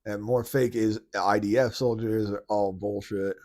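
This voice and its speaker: This man hosts a podcast in a lowish, dark voice that stays steady and runs a little slow. He rambles casually, restarting often, and his monologue commentary turns blunt and mocking at times, with some swearing.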